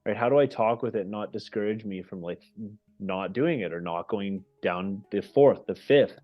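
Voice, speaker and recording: A man hosting a casual group call, energetic and animated, often checking in with "right?", heard over muffled lo-fi call audio. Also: fairly low pitch, normal speed, faint music behind. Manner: energetic and animated, with many restarts and "right?" tags. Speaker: host of the goal call.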